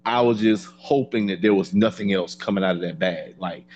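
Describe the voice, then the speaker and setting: A man telling a story in casual chat, blunt and profane, with a deadpan gripe. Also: low-pitched, a little fast, dull audio, a little hiss or hum.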